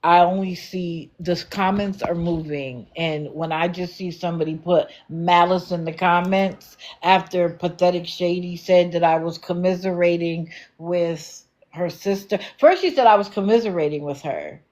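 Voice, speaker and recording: A woman hosting a casual livestream, answering viewer comments with quick apologetic asides and animated reactions. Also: on the low side. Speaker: livestream host.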